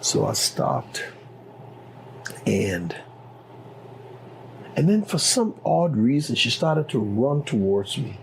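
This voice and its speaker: A man's voice: mid-range voice, sing-song, takes it slowly, gravelly, pauses often, a little hiss or hum, poor audio. A middle-aged man with a Liberian accent telling his story as an interview guest, acting out the dialogue with animation. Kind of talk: personal storytelling.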